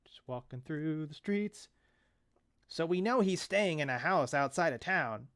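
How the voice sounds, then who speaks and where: A man in his thirties reads through a comic and chats about it with wry asides. His voice sits slightly high for a man. The recording is dry and close, with no room sound. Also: expressive, measured pace, fairly bright tone, dry recording. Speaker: comic reader and commentator. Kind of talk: casual comic commentary.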